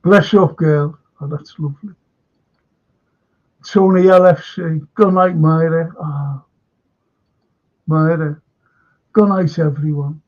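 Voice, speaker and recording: A man's voice: fairly high pitch, steady tone, takes it slowly, pauses often, darkish tone. An older man with a Liverpool accent hosting a live current-affairs stream, rambling chattily and greeting viewers from the chat. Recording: dull lo-fi stream audio.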